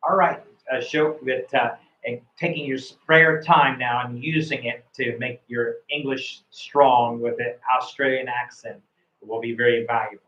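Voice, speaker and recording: A man's voice: mid-range voice, steady tone, unhurried, bright, forceful tone. A man coaching a student after a speaking test, praising his answers and often repeating words and restarting sentences. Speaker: IELTS speaking examiner and coach. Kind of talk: spoken test feedback. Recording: roomy, dull lo-fi sound.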